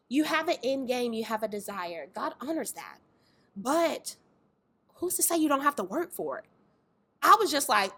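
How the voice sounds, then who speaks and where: A young woman who works as a fitness trainer and organizes dance tours shares a candid testimony of her faith. She tells it in a lively way, acting out voices and throwing in exclamations, and her voice sits high.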